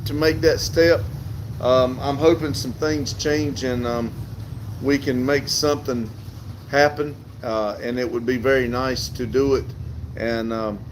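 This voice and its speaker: A man's voice: on the high side, noisy background. A middle-aged man with a Southern US accent hosts a casual livestream outdoors, reading viewer comments aloud and laughing often. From southern United States. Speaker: livestream host reading chat. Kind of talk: casual live chat.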